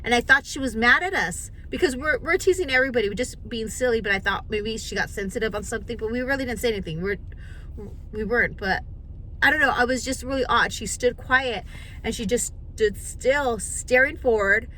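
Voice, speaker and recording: Bright-voiced woman telling a story. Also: fairly high pitch, brisk, slight background noise, poor audio. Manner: animated, acts out quotes, many restarts. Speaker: vlogger. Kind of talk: casual storytelling to camera.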